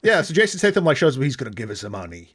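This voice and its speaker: A man's voice: medium pitch, sing-song, racing, a bit bright, slightly rough. A man co-hosting a podcast, chatting casually about a movie with lots of fillers and restarts. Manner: rambling, many fillers, swearing asides. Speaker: podcast co-host. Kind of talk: casual movie review chat.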